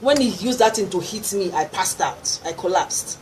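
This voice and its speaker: A woman's voice: medium pitch, lively intonation, normal speed, darkish tone, poor audio. A middle-aged Nigerian woman, a gospel singer, telling her testimony in a radio interview and acting out the voices of people in her story. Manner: storytelling with acted quotes and laughter. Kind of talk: animated testimony. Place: radio studio. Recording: faint background noise.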